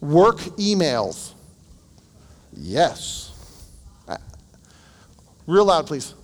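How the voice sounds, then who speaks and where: A man's voice: on the high side, huge pitch swings, very slow, big-room sound. A man working as a counselor, teaching a group in a casual, anecdotal way and asking them questions. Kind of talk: conversational teaching.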